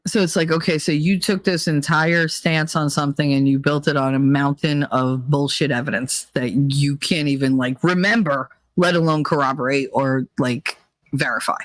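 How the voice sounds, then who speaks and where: A woman's voice: sits low, steady tone, normal speed, no echo. A woman hosting a livestream in casual chat, blunt and rambling, swearing freely. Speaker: livestream host.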